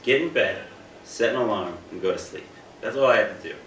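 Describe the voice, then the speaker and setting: Young American male comic, stand-up set, forceful voice, sounds distant with faint room noise. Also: fairly low pitch, fairly quick, echoey room. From United States. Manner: self-deprecating, repeats his openings. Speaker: stand-up comedian. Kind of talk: stand-up comedy. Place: stage in a room.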